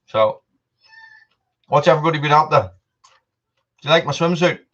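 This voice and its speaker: A chatty man from Britain hosts a casual live stream from home, greeting viewers and eating popcorn between lines. His voice sits a little high. The sound is dull and lo-fi. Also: moderate pace, fairly bright tone. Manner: chatty, reads out viewer names, eats popcorn while talking. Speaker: livestream host.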